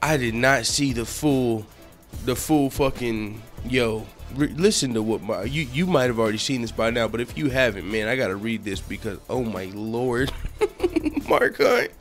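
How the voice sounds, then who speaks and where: A man's voice: mid-range voice, moderate pace, faint music behind. A man hosting a casual MMA news channel, cursing a lot and laughing often as he talks. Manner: profane, laughs often, excitable. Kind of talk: casual commentary vlog.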